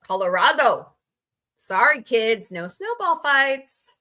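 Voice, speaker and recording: Sarcastic bright-voiced woman streaming. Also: a little high, sing-song, slow. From United States. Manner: sarcastic, reads quirky laws and greets chatters by name. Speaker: livestream comedy host. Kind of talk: casual comedic livestream chat.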